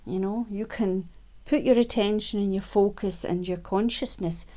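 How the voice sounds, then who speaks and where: A woman giving a gentle, unhurried self-help talk, with frequent ums and quiet laughs. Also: medium pitch.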